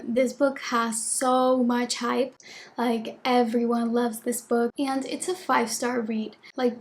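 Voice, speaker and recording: High-voiced chatty young woman vlogger. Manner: chatty, gushing, lots of "like" fillers. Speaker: book vlogger. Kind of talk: casual chat.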